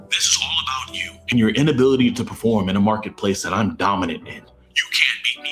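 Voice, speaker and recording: A man's voice: lowish voice, sharp tone. Guy doing a cocky trash-talking company in a comedy skit, brags nonstop. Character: boastful personified game store company, male.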